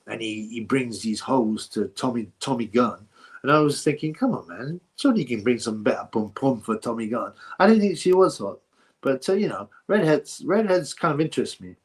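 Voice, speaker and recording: Male livestream host; blunt, rambling, mocking, casual chat tone. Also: mid-range voice. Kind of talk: casual livestream chat answering viewer comments.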